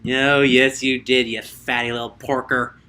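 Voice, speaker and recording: Bright-voiced rambling podcast host. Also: medium pitch, flat delivery, a little slow. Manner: rambling, joking, blunt. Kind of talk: casual chat.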